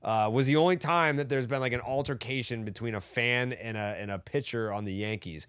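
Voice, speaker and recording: A man's voice: medium pitch, fairly quick, fairly bright tone, smooth, no room sound. Man ranting hotly on a sports podcast. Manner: heated, profane ranting. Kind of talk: casual sports talk.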